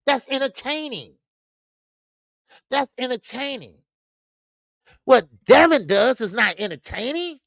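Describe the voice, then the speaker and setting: A man hosting a boxing talk stream, speaking casually and loudly, cursing freely, repeating himself and reading viewer comments aloud. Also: very high voice, slow pace, creaky, pauses often, no room sound, clean studio sound. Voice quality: loud, animated, profane, repeats himself. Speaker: boxing show host.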